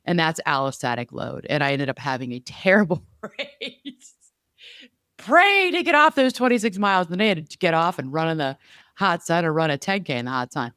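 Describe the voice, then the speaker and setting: Woman podcast co-host, smooth voice, dry close sound, animated chatty storyteller. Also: low-pitched, a little fast, no room sound. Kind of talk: casual podcast conversation.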